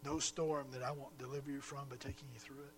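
A man voicing a gentle, reassuring Jesus in a soft, hushed, sometimes whispered way, with a faint mains hum behind. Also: mid-range voice, normal speed, lightly acted, rough recording. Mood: tender.

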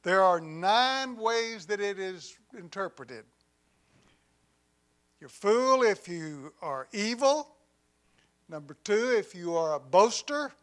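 A man delivering a sermon in a high voice at an unhurried, deliberate pace. He swings from loud emphasis down to hushed, quiet lines and slips in humorous asides along the way. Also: expressive. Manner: deliberate preaching with dramatic swings in volume, dropping to near quiet on key lines. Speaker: pastor.

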